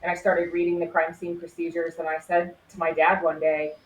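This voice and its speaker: A woman's voice: lowish voice, little pitch movement, fairly quick, a little hiss or hum. A woman in her forties, a former crime scene investigator, telling stories earnestly in an interview and laughing easily. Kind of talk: conversational storytelling interview. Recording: roomy echo with faint ambience.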